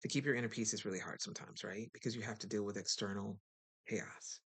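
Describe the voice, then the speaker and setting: Self-help host, casual motivational talk, middling pitch, chatty, direct, animated. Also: quick pace, gravelly, breathy edge. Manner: animated, acts out other people in quotes; chatty and direct, addresses listeners.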